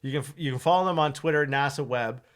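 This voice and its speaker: A man who hosts a radio morning show, telling a story in casual chat, animated, laughing often and acting out what people said. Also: mid-range voice, fast, smooth. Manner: animated, laughs often, acts out quoted lines.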